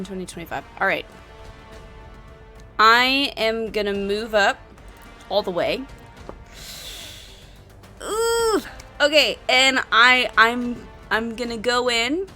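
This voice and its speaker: Slow, bright-voiced woman narrating a game. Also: a little high. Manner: hesitant, many fillers, self-conscious. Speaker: solo adventure player and narrator. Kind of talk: narrating a solo tabletop game. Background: faint background music.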